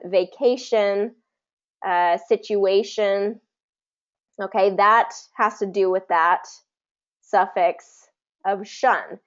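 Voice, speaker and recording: A woman's voice: mid-range voice, muffled recording. Patient woman teaching pronunciation. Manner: explains patiently, drawing out example words slowly. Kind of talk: live teaching session answering a student.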